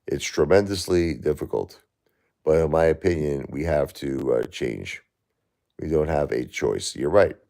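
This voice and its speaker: Very deep gravelly grieving man. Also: moderate pace, mellow. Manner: impassioned, repetitive, arguing with a chat viewer. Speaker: livestream host. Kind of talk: emotional livestream chat.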